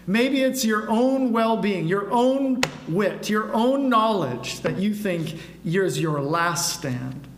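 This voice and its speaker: A man's voice: sits high, expressive, slow pace, hardly any pauses. A man preaching a sermon to a congregation, throwing rhetorical questions at his listeners. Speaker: pastor. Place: church sanctuary. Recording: echoey room with faint hum.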